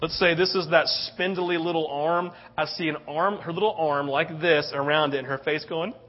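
High-voiced animated man preaching. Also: normal speed, highs cut off. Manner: animated storytelling, tag questions. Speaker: pastor. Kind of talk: sermon.

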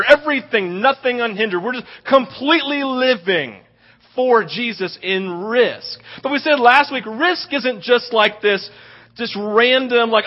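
A man preaching a sermon as a pastor, animated and acting out little scenes in quoted voices. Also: extremely high pitch, unhurried. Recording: dull lo-fi audio.

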